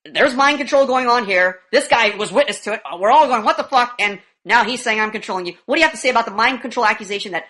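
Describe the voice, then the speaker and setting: A woman's voice: on the high side, fast talker, few pauses, fairly bright tone. A woman hosting a heated online debate, brash, profane and mocking. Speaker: debate show host. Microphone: video call.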